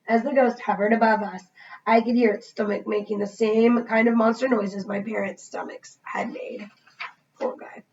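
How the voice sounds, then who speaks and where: A woman reading a children's chapter book aloud like a teacher, expressive and pausing to ask her listeners questions. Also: on the high side, highs cut off.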